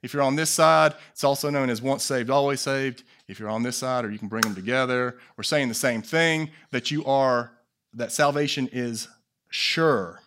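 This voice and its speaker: A male pastor preaching a sermon, swinging between hushed low phrases and loud emphatic peaks, asking the congregation questions and joking with them. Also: fairly even intonation, moderate pace.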